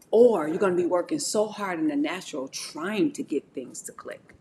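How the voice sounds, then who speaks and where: A middle-aged woman talking on a live stream, giving an animated, preachy motivational talk about faith and speaking straight to her chat. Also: lowish voice, normal speed, hardly any pauses, slight background noise.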